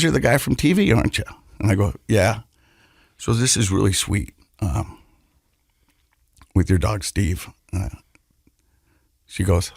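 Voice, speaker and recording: A middle-aged man co-hosting a podcast, telling a personal story in an earnest, halting way and often repeating his words. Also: lowish voice, creaky, slightly rough, no echo, studio quality. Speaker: podcast co-host.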